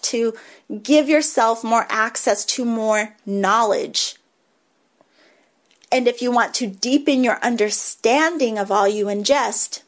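Reflective woman hosting a spiritual podcast. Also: mid-range voice. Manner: rambling, reflective, with small laughs and restarts. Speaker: podcast host, reiki teacher. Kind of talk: casual spiritual talk.

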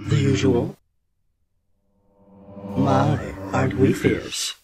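A man voicing a freaky male alien plant bartender, his voice run through a layered pitch-shift alien effect, speaking in a slow, teasing drawl. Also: music in the background.

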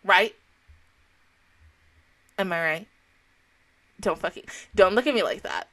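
A woman's voice: on the low side, slow pace, a bit bright. A woman giving casual, rambling reaction commentary on an anime, emotional and swearing freely. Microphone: headphones on.

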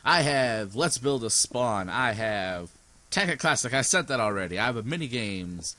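A man's voice: medium pitch, expressive, moderate pace, bright, forceful tone, no room sound. A sleepy young man rambling through let's play commentary, goofy and scattered, with silly asides. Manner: goofy, rambling, sings snippets and silly voices. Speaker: gaming YouTuber.

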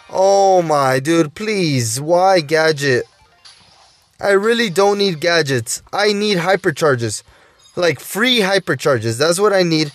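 Man, high voice, dry close sound, gaming commentary, begging for luck, keeps addressing viewers. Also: a bit bright, no room sound. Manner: pleading, keeps saying "guys" and "oh my dude". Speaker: mobile gaming YouTuber. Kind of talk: gameplay commentary while opening loot boxes.

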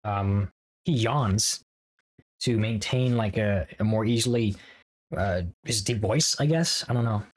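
A man's voice: fairly low pitch, a little slow, rough recording. Man, Let's Play host, rambling jokey commentary. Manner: rambling and jokey, talking to viewers. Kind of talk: casual gameplay commentary.

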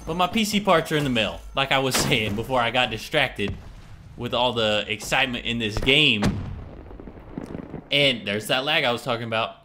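A man with a Texan accent giving excitable live commentary over his gameplay and talking back to the game. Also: mid-range voice, moderate pace, background noise. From Texas. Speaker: gaming vlogger.

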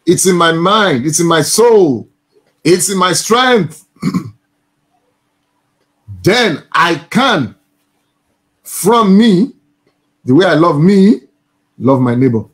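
Slow, emphatic male Bible teacher. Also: sits high, expressive. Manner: emphatic, repeats phrases for stress; addresses a listener as sir. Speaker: church minister.

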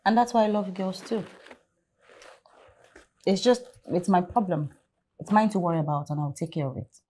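A woman's voice: lowish voice, normal speed, mellow, natural voice. An actress playing a defensive young woman with a Nigerian accent who waves off her friends' worry. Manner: defensive, dismissive.

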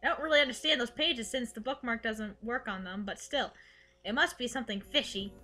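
Let's-play host woman, high and bright, casual and jokey. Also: brisk, faint music behind. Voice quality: animated, joking. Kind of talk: casual chat while narrating a game.

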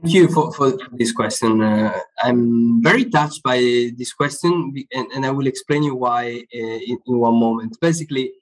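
A man's voice: mid-range voice, moderate pace, few pauses, poor audio. A man, an author explaining his ideas in a live online discussion, often repeating words as he searches for phrasing. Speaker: author being interviewed.

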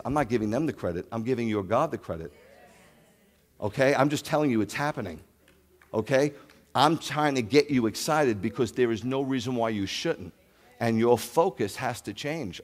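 A man preaching a sermon as a rabbi, animated, with rhetorical questions and loud scripture reading. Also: mid-range voice, in a large hall. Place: congregation sanctuary.

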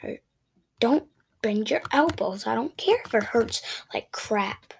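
A woman giving casual gameplay commentary, frustrated and excitable, shouting at the game character and dropping into whispered asides. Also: a little high, slow pace, creaky, slight background noise. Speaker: gaming video creator.

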